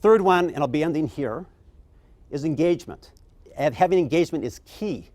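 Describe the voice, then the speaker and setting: A middle-aged man speaks to a conference audience, his voice a touch higher than most men's. He tells stories in a lively way and jumps his pitch up when he acts out the people in them. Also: moderate pace. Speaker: keynote speaker. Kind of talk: conference keynote storytelling.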